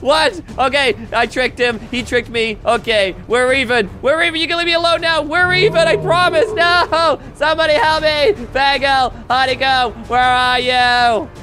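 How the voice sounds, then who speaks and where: A woman voicing an excitable male TV-headed cartoon hero who exclaims, panics and hosts a game show. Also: high voice, normal speed, hardly any pauses. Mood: panicked. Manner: frantic, exclaiming and goofy.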